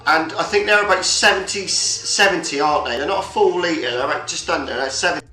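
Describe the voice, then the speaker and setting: A man's voice: fairly high pitch, quick pace, pushed and bright. A man chatting casually on a livestream, swearing often and rambling from point to point. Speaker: livestream host. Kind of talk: casual chat. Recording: roomy echo, faint music behind.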